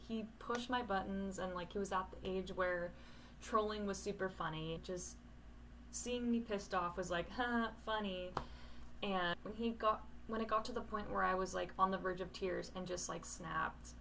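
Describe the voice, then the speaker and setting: A woman's voice: mid-range voice, steady tone, moderate pace, creaky, fairly bright tone, a little hiss or hum, low-quality recording. A young woman in casual talk to camera, rambling and candid, swearing casually, talking at home at night.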